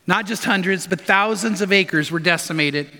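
A man's voice: high voice, normal speed, pushed and bright. A man preaching a sermon, telling stories with emphasis and putting rhetorical questions to the congregation. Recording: long reverb of a large hall.

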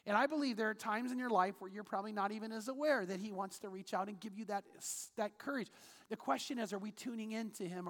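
A man preaching a sermon as pastor, earnest and storytelling, reading scripture aloud in a church auditorium. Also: sits high. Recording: long hall reverb.

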